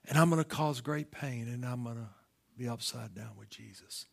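A middle-aged man preaching a sermon, moving between quiet storytelling and loud, impassioned calls. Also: medium pitch, moderate pace, gravelly. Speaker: pastor.

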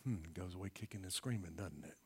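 A male pastor preaching a sermon in a folksy way, asking the congregation questions and swinging from hushed whispers to loud emphasis. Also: low voice, fast, husky.

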